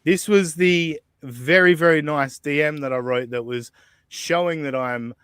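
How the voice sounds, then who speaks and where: A podcast host chats casually and reads out messages, rambling, swearing freely, and chuckling through plenty of fillers. His voice is a little high and a little slow, with a fairly bright, clear, resonant tone. The recording is dry and studio quality.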